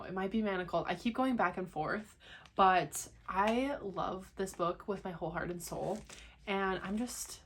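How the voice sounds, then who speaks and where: Gushing young woman unboxing books. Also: medium pitch. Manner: gushing and excitable, often dropping to a hushed whisper. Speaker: book vlogger. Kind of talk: casual unboxing vlog.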